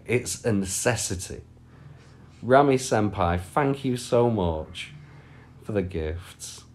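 A British man from the United Kingdom chats and rambles with viewers on a casual home live stream, lying down and using a phone mic. His voice is on the low side, animated, and slow-paced.

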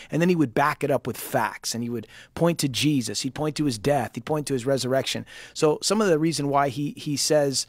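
Man, co-host pastor, gravelly, mid pitch, steady explanation, dry sound. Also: brisk, few pauses, no room sound. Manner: steady, explanatory, with frequent fillers and restarts. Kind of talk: explaining scripture on a call-in show.

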